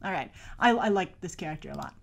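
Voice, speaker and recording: A woman with a fairly low, gravelly voice talks fast with lively intonation as she hosts a film review show. She casually breaks down a trailer, chatty and rambling, with many "like" fillers, gushing like an enthusiastic fan.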